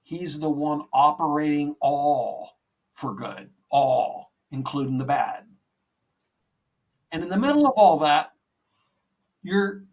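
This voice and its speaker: A man with a slightly raised pitch talks earnestly and reassuringly on a faith podcast. He takes his time, with a relaxed, unhurried delivery. His voice sounds a little distant from the microphone. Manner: earnest, gentle, reassuring, with many "you know"s. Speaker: podcast co-host. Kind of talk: conversational faith talk.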